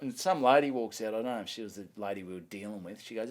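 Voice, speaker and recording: An Australian comedian telling a lively story on a podcast, swearing and acting out other people's voices. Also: male voice, on the low side, fast talker. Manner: animated, swearing, acts out voices. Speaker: comedian guest.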